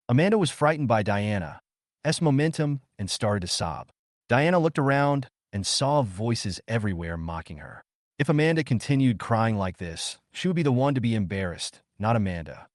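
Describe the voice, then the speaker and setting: Lively male story narrator. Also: medium pitch, normal speed, no room sound, clean studio sound. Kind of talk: scripted narration.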